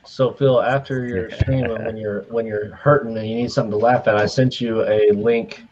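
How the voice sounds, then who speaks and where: A man's voice: mid-range voice, fairly even intonation, moderate pace, highs cut off, background noise. A man in a casual group chat, blunt and opinionated.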